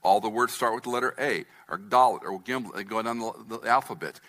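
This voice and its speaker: Guy preaching a sermon, bright clear voice, teachy, keeps asking if you follow. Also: fairly low pitch, a little fast. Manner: teaching, asks the congregation to follow along. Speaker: pastor. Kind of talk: expository sermon.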